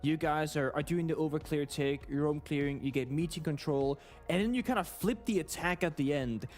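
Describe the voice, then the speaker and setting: Man, esports analyst, somewhat high voice, detailed questions, faint music. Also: a little fast, a little mellow. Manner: detailed, inquisitive.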